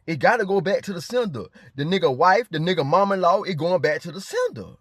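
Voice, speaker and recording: A man's voice: sits high, big pitch swings, fairly quick, a bit bright, dry recording, studio quality. A man delivering a confrontational spiritual rant. He is defiant and profane, and he keeps repeating rhetorical check-ins to his listeners. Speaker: vlogger.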